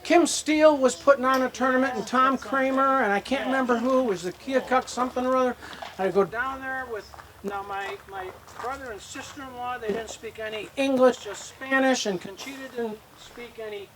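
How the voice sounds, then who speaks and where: A man's voice: very high-pitched, moderate pace, a crowd in the background. Older man spinning rambling anecdotes. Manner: rambling storyteller who acts out dialogue. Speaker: hall of fame inductee giving a speech. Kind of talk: anecdotal acceptance speech. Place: outdoor ceremony at a disc golf course.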